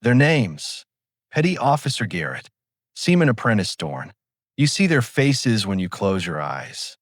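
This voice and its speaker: A man voicing a calm, commanding, cruel spirit in the fog that knows too much. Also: fairly low pitch, measured pace, no room sound, studio quality. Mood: taunting.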